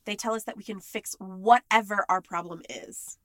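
Bright, candid woman speaking frankly. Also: mid-range voice, normal speed, no echo. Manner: candid, frustrated, emphatic. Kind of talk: casual monologue.

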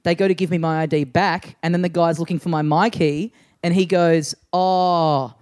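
A man's voice: a little high, steady tone, brisk, darkish tone. An Australian man hosting a podcast, telling rambling anecdotes in casual chat and acting out both sides of each exchange. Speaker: podcast host.

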